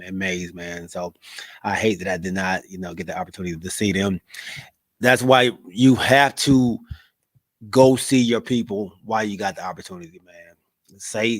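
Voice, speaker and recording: A middle-aged man with a low-pitched voice, recorded with no echo, co-hosts a podcast, reading the live chat and talking casually. He sounds relaxed, says "man" a lot, and uses plenty of fillers.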